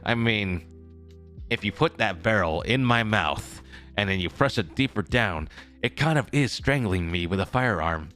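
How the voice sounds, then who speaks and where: Young male streamer, lowish voice with a sharp, bright edge, rambling casual chat, faint music underneath. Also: animated, normal speed. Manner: rambling, self-correcting, repeats phrases. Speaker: streamer in character as a traveling merchant.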